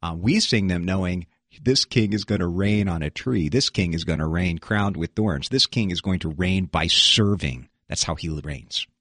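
A man's voice: low-pitched, moderate pace, a bit bright, no echo, clean studio sound. A male pastor, a guest on a radio talk show, explaining a hymn in a thoughtful way with frequent fillers and restarts. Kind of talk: casual theological discussion.

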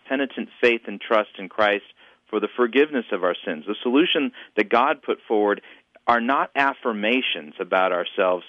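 A man's voice: fairly low pitch, dry recording, lo-fi sound. A man who is a guest on a radio talk show, explaining things in an earnest, doctrinal way. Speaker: guest, internet radio host.

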